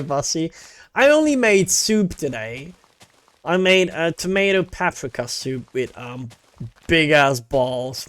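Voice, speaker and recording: A man's voice: on the high side, no echo. A male VTuber chatting casually with his stream, laid-back and rambling, with casual swearing.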